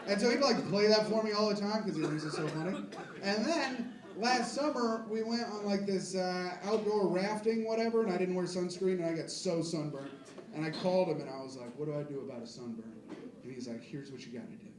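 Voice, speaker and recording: A man's voice: high-pitched, fairly quick, distant mic. A man in his twenties doing a crude, self-deprecating stand-up set with rambling asides to the crowd, on a comedy club stage. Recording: echoey club miked from afar, loud crowd.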